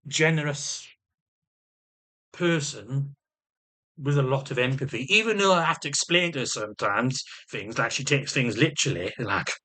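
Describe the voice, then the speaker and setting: A man's voice: medium pitch, lively intonation, moderate pace, sharp tone. A man in a casual video diary, rambling emotionally, swearing heavily and stammering through restarts. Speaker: vlogger.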